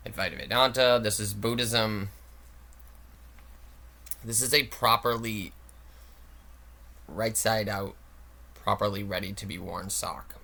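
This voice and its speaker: A man's voice: lowish voice, vocal fry, pushed and bright. A man reading out technical claims, then mocking them in a casual, sarcastic, swearing explanation. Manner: sarcastic, swears, reads text aloud then mocks it.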